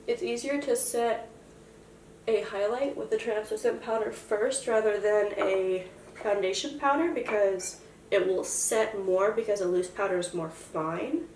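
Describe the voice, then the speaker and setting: A woman's voice: mid-range voice, a little slow, darkish tone, slight background noise. Young woman, makeup tutorial, chatty, self-joking, distant camera mic, roomy echo. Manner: chatty and self-joking, explaining each step. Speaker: makeup vlogger.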